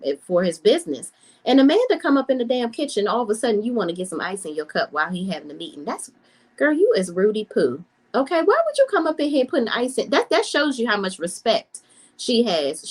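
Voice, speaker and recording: Sassy woman reviewing reality TV. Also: medium pitch. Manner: sassy, blunt, animated. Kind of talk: casual commentary vlog.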